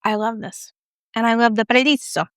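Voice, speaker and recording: A woman's voice: on the high side, fairly even intonation, a little fast, a bit bright, no room sound, studio quality. A woman giving a casual makeup review with a playful, chatty manner and joking asides. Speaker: beauty vlogger.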